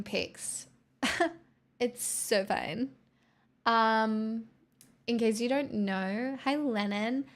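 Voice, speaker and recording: A woman's voice: on the high side, drawn-out words, pauses often. Playful woman streamer from the southeastern US. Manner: playful, teasing, reads chat aloud. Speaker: livestream host. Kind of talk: casual chat with viewers.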